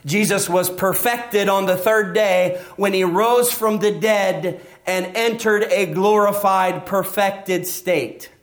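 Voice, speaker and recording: Man, middle-aged, pastor, sermon, conversational, dramatic pitch swings, slightly high voice. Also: fairly even intonation, takes it slowly, hardly any pauses.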